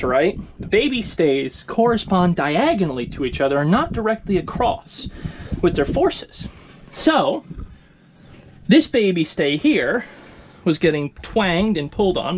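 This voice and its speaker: A man's voice: a little high, a little hiss or hum. A man giving a casual, profane and rambling walkthrough of the repairs on his sailboat, speaking from inside the cabin. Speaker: boat owner showing repairs.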